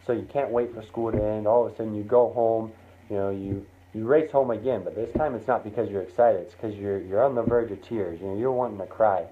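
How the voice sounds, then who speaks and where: A man telling a motivational story in the second person, animated and acting out the scenes, heard over a tinny line. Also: fairly low pitch, brisk. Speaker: motivational speaker. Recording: tinny phone-like sound, faint noise.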